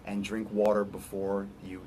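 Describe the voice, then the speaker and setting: A man's voice: lowish voice, monotone, darkish tone, slight background noise. Emphatic man giving fitness advice. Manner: emphatic, repeats phrases, acts out quick voices. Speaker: fitness coach. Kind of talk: casual fitness advice talk.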